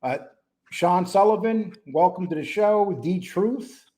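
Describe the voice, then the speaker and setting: Hosting a laid-back live-stream show, a man with a high-pitched, slow voice greets chat viewers by name as he rambles along in a relaxed way.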